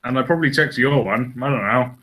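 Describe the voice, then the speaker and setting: A man's voice: mid-range voice, fast, a bit bright, poor audio. A man co-hosting a casual podcast chat, rambling and hesitant, often restarting his sentences. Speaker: podcast co-host.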